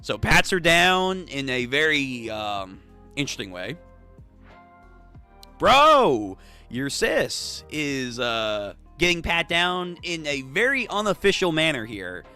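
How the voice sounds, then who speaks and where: A young adult man hosting a manga read-through, reacting excitedly, swearing and laughing often. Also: a little high, takes it slowly, clean tone, soft background music.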